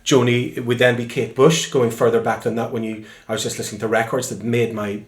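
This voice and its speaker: A singer-songwriter with a Northern Irish accent, telling lively anecdotes in a relaxed interview at home. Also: male voice, medium pitch, a little fast. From Northern Ireland. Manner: lively storyteller, acts out quoted voices. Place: room in his home. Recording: echoey room.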